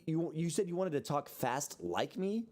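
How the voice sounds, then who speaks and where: A man's voice: a little high, big pitch swings, moderate pace, a little mellow. A young man co-hosting a podcast, rambling and joking in casual banter. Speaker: podcast co-host.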